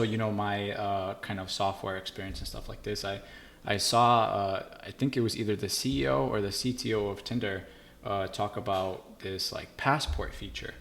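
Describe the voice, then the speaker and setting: A young man co-hosting a relaxed podcast, his voice on the lower side. He speaks in an easygoing way and often stops and restarts as he works out his thoughts. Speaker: podcast co-host. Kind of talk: casual chat.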